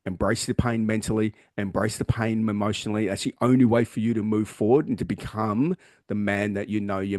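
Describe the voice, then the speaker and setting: A man's voice: lowish voice, darkish tone, dry recording, clean studio sound. A man co-hosting a podcast and talking as a gym trainer in casual motivational chat, blunt, emphatic and full of swearing. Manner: blunt, heavily profane, emphatic.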